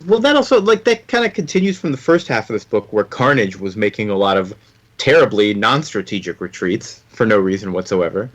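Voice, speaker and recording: A man's voice: lowish voice, very animated, fairly quick, a bit bright. A man co-hosting a casual comics podcast, recapping the plot with lots of fillers and mock-dramatic flair. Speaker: podcast co-host.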